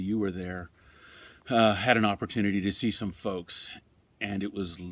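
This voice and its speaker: Older man, retired fire captain, telling stories. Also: low voice. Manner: animated anecdote telling, then quiet and reflective. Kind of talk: interview storytelling.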